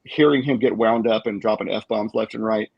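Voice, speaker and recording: Casual co-host: gravelly, breathy-edged man, halting and reflective, dry mic. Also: lowish voice, no room sound, highs cut off. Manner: thoughtful, halting with many fillers. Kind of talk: casual group chat.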